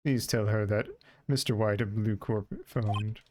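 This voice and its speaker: A man's voice: on the low side, fairly even intonation, measured pace, background noise, natural voice. A man voicing a polite male hotel bellboy who speaks formally and deferentially. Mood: courteous.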